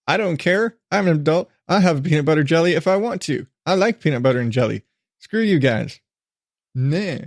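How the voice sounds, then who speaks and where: A man in his thirties hosting a casual podcast, telling a story with lots of laughter and casual swearing, and jumping way up in pitch when he quotes his kids. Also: no echo, clean studio sound. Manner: animated storytelling, jumps to high-pitched voices when quoting his kids. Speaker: podcast host. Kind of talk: casual solo podcast monologue.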